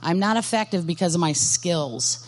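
A woman's voice: on the low side, normal speed. A woman giving a Christian ministry workshop talk, speaking in an earnest, direct way and putting questions to her audience. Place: conference workshop session.

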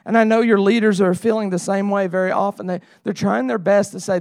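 Middle-aged male pastor, high voice, dry close sound, talky sermon delivery that builds to pleading. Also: steady tone, brisk, vocal fry, few pauses, darkish tone, dry recording. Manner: conversational preaching, rising to emphatic pleading.

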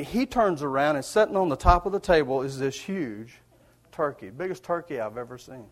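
A man's voice: on the high side, lively intonation, fairly quick. A man preaching, telling a personal story in a folksy, earnest way with chuckles. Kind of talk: storytelling sermon.

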